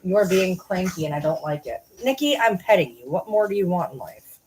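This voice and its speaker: A woman vlogging casually at home at night, chatting to the camera and calling and scolding her dogs in a high sing-song. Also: animated, a little fast, darkish tone, slight background noise, low-quality recording.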